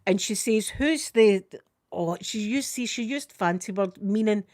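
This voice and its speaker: Animated older Scottish woman telling a story. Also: medium pitch, a little slow, no echo, studio quality. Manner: animated, repeats "I says" while retelling a conversation. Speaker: vlogger. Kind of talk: casual storytelling chat.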